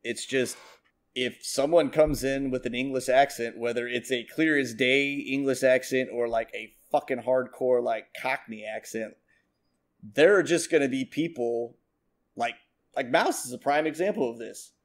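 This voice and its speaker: With a medium-pitched voice at a moderate pace, this young man from the United States co-hosts a casual podcast conversation. His talk wanders, is laced with profanity, and is packed with filler words.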